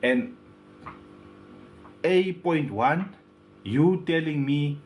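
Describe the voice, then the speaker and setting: A man who runs a speaker repair shop, talking casually to the camera in his workshop with lots of slang and frequent throat clearing. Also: fairly high pitch, lively intonation, extremely slow, slight background noise.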